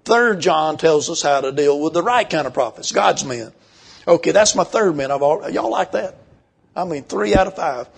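An older man preaching a sermon, folksy and emphatic, slowing down when he reads scripture. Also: fairly high pitch, expressive, vocal fry, breathy edge.

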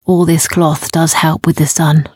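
A woman voicing a cloth-wrapped desert trader who explains things in a calm, kindly way. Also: deep voice, a little slow, slightly rough, no room sound. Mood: kindly explaining.

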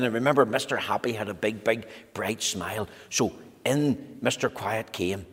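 A man reading a storybook aloud to children in an animated, dramatic manner, talking to them directly. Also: fairly low pitch, moderate pace, husky. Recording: echoey hall reverb.

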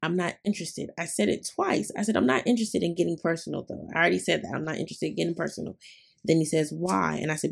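Raspy, laughing woman telling a story. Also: on the low side, quick pace. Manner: laughs often, animated retelling. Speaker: podcast host. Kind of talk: casual storytelling chat.

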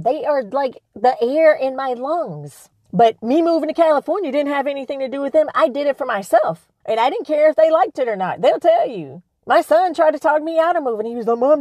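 An older woman hosting a podcast, talking in a passionate, blunt, emphatic way that gets loud at its peaks. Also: high voice, no echo. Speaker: podcast host. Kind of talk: motivational podcast monologue.

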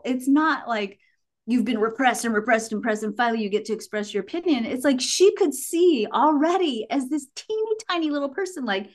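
A woman guest on a podcast interview, telling stories in an animated way, laughing and quoting herself. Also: high voice, normal speed. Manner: animated storytelling with laughs and quoted asides. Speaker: guest, human design teacher.

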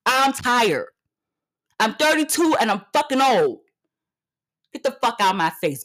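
Sing-song and unhurried, with a fairly high, slightly bright voice, a thirty-something woman rants comedically into the mic in podcast-host style. She's blunt and confrontational, cursing freely and hammering short lines through repetition.

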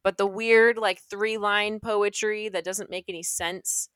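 A young woman co-hosting a podcast, chatting casually in an animated, rambling way and laughing often. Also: mid-range voice, measured pace, no echo, clean studio sound. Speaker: podcast co-host. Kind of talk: casual chat.

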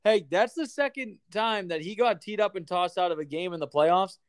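Podcast host, male, higher register, crisp dry tone, loose profane sports chat. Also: moderate pace, no room sound. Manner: profane, excitable banter.

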